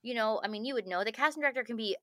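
A woman with a bright, clear voice and a fairly high pitch tells her stories with lots of energy. She laughs often and acts out what people said to her. The sound is close and dry, with no room around it. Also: rapid-fire, no echo. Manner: animated storyteller, laughs often, acts out quotes. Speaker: actress, podcast guest. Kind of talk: casual interview chat.

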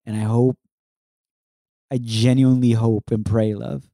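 A man in his thirties talks through a painful personal loss with a heartfelt, reflective manner, now and then slipping into Spanish phrases. His voice is mellow and warm in tone, recorded close and dry. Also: medium pitch, level tone, measured pace, creaky, dry recording. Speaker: podcast co-host. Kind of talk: emotional personal testimony.

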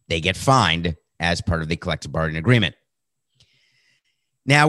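Sarcastic low-voiced sports podcast host. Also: male voice, dry recording, clean studio sound. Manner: sarcastic, animated, acts out quotes.

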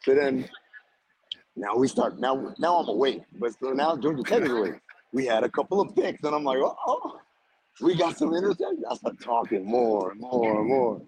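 A man on a podcast telling a story in a loud, animated way, laughing often and using lots of slang. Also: mid-range voice, slight background noise, low-quality recording. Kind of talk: casual chat.

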